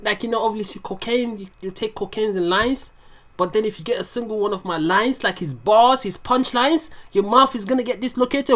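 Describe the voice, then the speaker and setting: A reaction video host casually commenting on lyrics, excitable and profane, explaining the lines aloud. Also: mid-range voice, a little fast.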